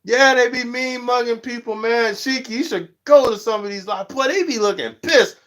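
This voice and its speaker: A man hosting his own livestream in loose, slangy casual chat, animated when he tells a story and a bit stuffy from allergies. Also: normal speed. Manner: animated storytelling, jumps high when quoting others; slangy, says "you know what I'm saying" often. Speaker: livestream host.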